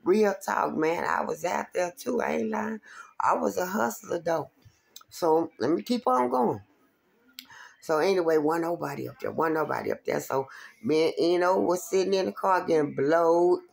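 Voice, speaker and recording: Gravelly woman telling a street story. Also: lowish voice, measured pace. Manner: animated, profane street storytelling with voiced quotes. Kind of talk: casual storytelling.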